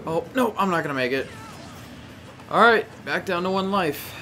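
A young man giving casual, animated commentary while playing a video game, talking to the characters on screen and often exclaiming. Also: high voice, moderate pace, faint music behind. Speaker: gameplay commentator. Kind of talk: casual live gameplay commentary.

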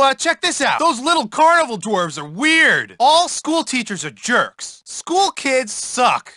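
An actor playing a surly young townie dropout in a video game, bored, taunting and disdainful. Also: male voice, very high-pitched, pushed and bright, dry recording, studio quality, heavily acted. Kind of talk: video game character voice lines.

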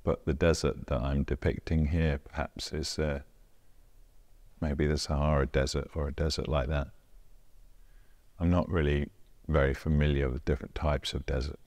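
A man's voice: very deep voice, little pitch movement, normal speed, long pauses, a little mellow. A man, a visual artist, casually talking through his own works in a gallery, thinking aloud with dry, self-deprecating humor. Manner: rambling, thinking aloud with hedges.

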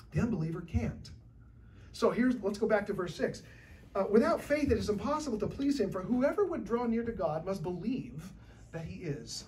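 A woman preaching a sermon in a church, talking in a conversational, lively way with shifting loudness. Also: mid-range voice, recorded from a distance, a little hiss or hum.

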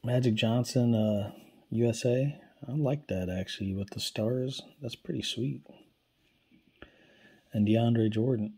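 A man opening basketball card packs on camera, commenting quietly and casually as he goes. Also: measured pace, husky. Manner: low-key, talks quietly while handling cards.

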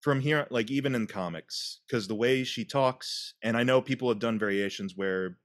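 A man talks in a relaxed podcast chat. His voice sits at an ordinary pitch, and he retells scenes in an animated way. He often breaks into laughter or quick put-on voices. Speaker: podcast host. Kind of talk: casual chat.

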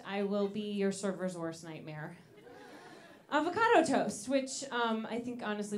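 A young woman doing a stand-up comedy set on a club stage into a handheld mic, with a deadpan delivery and slow pauses. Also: on the high side. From Italian-American family. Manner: deadpan delivery, slow pauses, sudden shouted outbursts in put-on voices.

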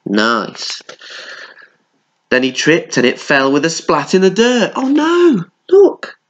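A man's voice: a little high, big pitch swings, takes it slowly, a bit bright, a little hiss or hum. A male primary school teacher with a British accent reads a story aloud to children, stopping for chatty asides. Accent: British English. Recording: dull lo-fi sound.

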